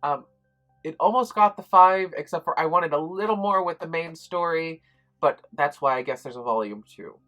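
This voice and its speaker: A woman with a somewhat low voice talks through a book review in a casual, chatty way. She sounds enthusiastic and often pauses on ums and restarts her sentences. Soft music plays faintly underneath.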